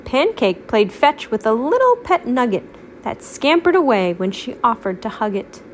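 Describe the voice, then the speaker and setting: A mother reading a rhyming picture book aloud to her child at home, gently explaining words. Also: a little high, very animated, normal speed, a little hiss or hum.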